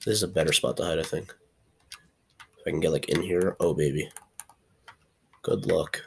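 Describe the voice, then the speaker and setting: A man's voice: extremely low pitch, moderate pace, creaky, pauses often, slight background noise. A young man giving casual gameplay commentary, chatty and playfully trash-talking, now and then yelping in frustration. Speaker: gaming channel host.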